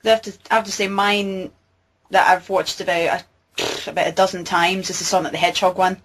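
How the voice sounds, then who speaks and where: A woman co-hosting an interview over a video call, enthusiastic and quick to laugh. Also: lowish voice, steady tone, a bit bright. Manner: enthusiastic, giggly. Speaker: co-host. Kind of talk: casual interview chat.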